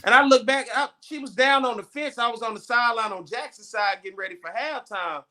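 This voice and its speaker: A man's voice: extremely high pitch, fairly quick, pushed and bright. A man in casual chat, telling laid-back slangy stories about a game.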